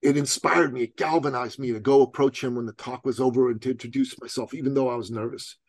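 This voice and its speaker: A man's voice: medium pitch, fairly even intonation, quick pace, dry recording. A middle-aged man from Iran, a guest entrepreneur, telling a personal story in an interview with emphatic rhetorical questions.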